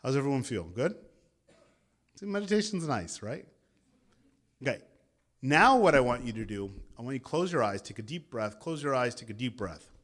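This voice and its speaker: A man's voice: mid-range voice, sing-song, normal speed, long pauses, a bit bright. A man in his thirties, a meditation teacher giving a guided meditation talk and leading a group in call-and-response chanting at an interfaith gathering.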